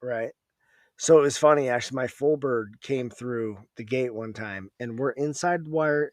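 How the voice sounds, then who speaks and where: A man's voice: mid-range voice, moderate pace, no room sound. A man in his thirties hosting a casual podcast, talking in a laid-back, wry, profane way. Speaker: podcast host, veteran. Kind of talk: casual conversation.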